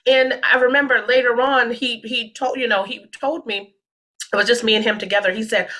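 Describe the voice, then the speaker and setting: A woman from the Washington, D.C. area telling a story in casual podcast chat, animated and rambling, with frequent restarts. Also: a little high, a little fast.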